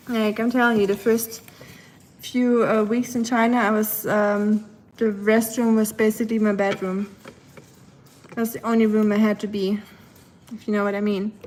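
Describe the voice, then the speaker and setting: Streaming from her kitchen at home, a young adult woman chats away in a nasal voice with a Southern American accent, slipping into a sing-song baby voice for her dog. Her pitch sits on the high side and sounds a little mellow. The audio is poor.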